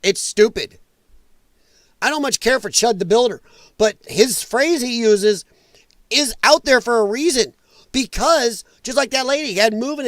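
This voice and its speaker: His high voice has a fairly bright tone as he rants in anger on his reaction commentary show, saying things again and again for emphasis. The audio is dry, without any echo.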